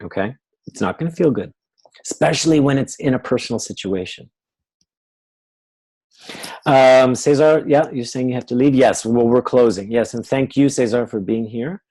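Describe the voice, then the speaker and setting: Male webinar teacher, mid-pitched, explanatory, mimics client pleas. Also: normal speed, pauses often, a little mellow, poor audio. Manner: explanatory, acts out clients' pleas in quoted voices.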